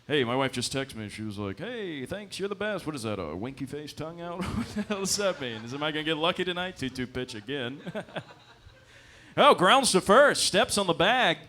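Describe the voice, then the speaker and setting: A man's voice: fairly high pitch, very animated, normal speed, sharp tone, slight background noise, pitched above the performer's own voice. A man playing a male baseball commentator who calls the game in a raised voice and keeps drifting into personal stories. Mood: rambling. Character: male baseball commentator, bored, rambling off-topic.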